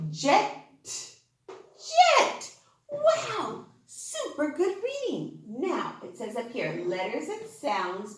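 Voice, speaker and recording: Sing-song kindergarten teacher in an echoey room. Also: female voice, fairly high pitch, slight background noise. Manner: sing-song, encouraging, slow and exaggerated for small children. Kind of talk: online class for young children.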